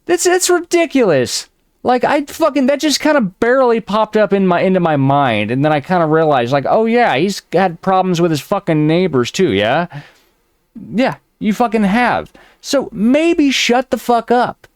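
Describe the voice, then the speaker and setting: A man's voice: high-pitched, animated, normal speed, smooth, dry recording, studio quality. A man hosting a reaction show, mocking and ranting at the person in the clips with heavy swearing. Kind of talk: profane reaction commentary.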